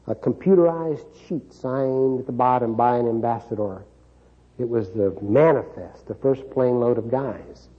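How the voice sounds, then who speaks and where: A man's voice: medium pitch, breathy edge. A middle-aged man from Kansas giving a motivational speech, telling a dramatic personal story with wry humor and frequent chuckles. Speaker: keynote speaker. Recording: dull lo-fi recording.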